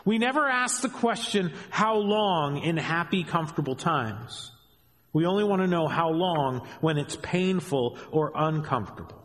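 A middle-aged man preaching a sermon as a pastor, animated, with joking asides, swinging between hushed and raised delivery. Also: a little high, unhurried. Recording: long hall reverb.

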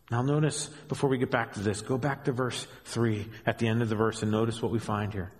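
Animated male pastor in a reverberant hall. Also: medium pitch, fairly quick, few pauses. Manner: animated, joking asides, swings between hushed and raised. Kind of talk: sermon.

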